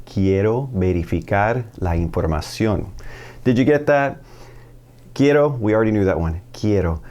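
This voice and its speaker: A man with a somewhat low-pitched voice teaches a relaxed video lesson. He keeps it upbeat, firing questions at the viewer and answering them himself as he walks through each step. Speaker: Spanish teacher.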